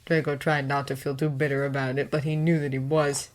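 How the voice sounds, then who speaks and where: A woman's voice: extremely low pitch, little pitch movement, fairly quick. A woman reading a fanfiction story aloud as an audiobook narrator. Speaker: fanfiction reader.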